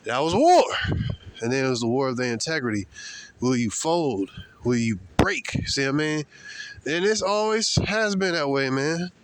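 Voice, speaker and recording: A man vlogging outdoors, talking in a slangy, emphatic and preachy way while walking fast and breathing hard. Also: medium pitch, lively intonation, clean tone, dry recording. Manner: slangy, emphatic, repeats points. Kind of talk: casual preachy monologue. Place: outdoors on a walk.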